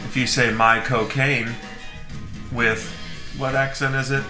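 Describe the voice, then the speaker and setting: A man's voice: mid-range voice, level tone. A man playing in a tabletop game, cracking jokes in casual chat. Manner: joking, drawn-out delivery. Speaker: player. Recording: echoey room with background music.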